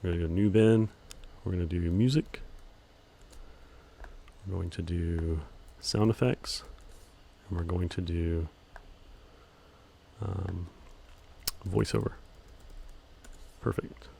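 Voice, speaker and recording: A man with a very low voice walks through a software tutorial in an even monotone. He fills pauses with ums and keeps a relaxed, steady delivery as he explains each click. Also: creaky, slight background noise. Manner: calls his own voice monotone, relaxed, many ums. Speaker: video editing instructor. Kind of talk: screen-recorded software tutorial.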